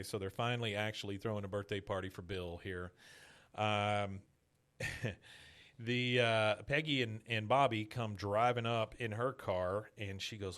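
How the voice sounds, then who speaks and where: A man's voice: on the low side, unhurried, a bit bright. A male podcast host casually recapping a cartoon episode, quoting characters as he goes. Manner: chatty, quotes characters in passing.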